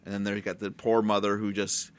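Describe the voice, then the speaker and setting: A man's voice: fairly low pitch, monotone, fast talker. A man co-hosting a casual movie-review chat, joking crudely and often slipping into silly put-on voices. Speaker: podcast co-host.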